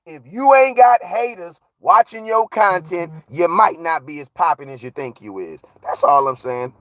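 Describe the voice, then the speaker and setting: A man hosting a casual live stream, giving viewer shout-outs in a slangy, hyped way that swings from low mutters to loud shouts. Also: lively intonation, normal speed, few pauses, no echo. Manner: slangy, repeats catchphrases. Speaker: livestream host.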